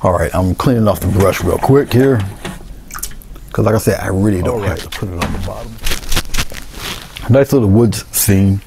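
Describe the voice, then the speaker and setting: A man giving a casual painting tutorial, talking through each step in a relaxed way as he works. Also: low voice, fairly quick, creaky, background noise. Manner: relaxed, talks to himself while working, thinks aloud. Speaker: painting instructor.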